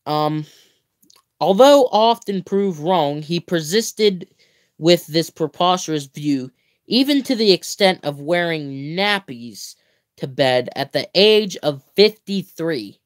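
A young man reads a comic book aloud on a livestream at an unhurried pace, playful and theatrical. He stretches words out, stumbles and corrects himself, and breaks off into chatty asides before going back to the page. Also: fairly high pitch, expressive. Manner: playful, theatrical reading with mock-grand exclamations. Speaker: livestream host.

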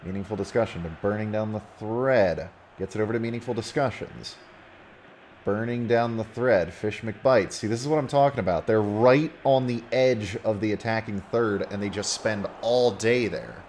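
A man casually commentating a video game football match play by play, getting loud when a goal goes in. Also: fairly low pitch, normal speed, a little hiss or hum. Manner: casual, rising excitedly on goals.

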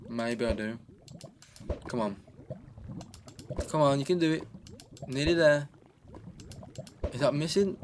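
A man giving casual, joking commentary on his own gameplay, chatting away and talking to himself at a desk microphone. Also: medium pitch. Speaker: gaming channel host.

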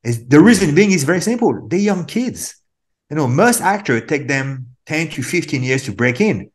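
A man with a French accent, an actor, talking through an interview in an animated, rambling way and repeating words as he goes. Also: on the high side, moderate pace. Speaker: actor guest. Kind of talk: casual interview chat.

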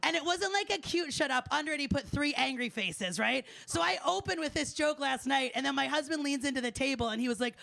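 A young woman doing a stand-up set, loud and chatty with the audience. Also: high-pitched, fairly quick, vocal fry, hardly any pauses, no echo. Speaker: stand-up comedian. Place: live show in front of an audience.

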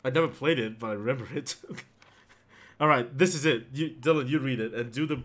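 A man from the United Kingdom streaming a horror game, joking and chatting casually with bursts of loud surprise. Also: medium pitch, a little fast. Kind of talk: casual chat over gameplay.

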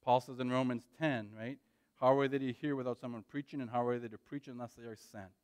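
A man's voice: medium pitch, fairly even intonation, fast talker, darkish tone, clear, resonant tone, no echo. A man preaching a sermon as pastor, urgent and pleading, often checking in with "right?".

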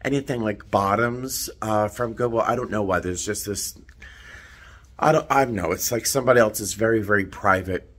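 A man's voice: lowish voice, bright, forceful tone. A man in a casual vlog, chatting to the camera in a rambling, self-deprecating way from a hotel room. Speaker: flight attendant vlogger.

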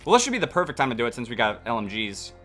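A young man streaming a shooter game live, chatting to viewers and swearing and shouting as the action heats up. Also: medium pitch, very fast, soft background music. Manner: excitable, swearing, reacting loudly to the game. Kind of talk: live gameplay commentary. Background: gunfire from the game.

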